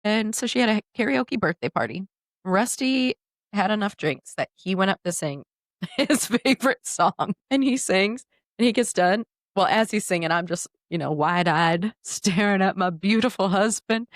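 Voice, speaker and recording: A woman hosts a relaxed podcast conversation. She laughs easily and tells her stories with animated energy. The sound is dry and close, with no room echo. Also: medium pitch, moderate pace. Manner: giggly, animated storyteller. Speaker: podcast host. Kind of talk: casual chat.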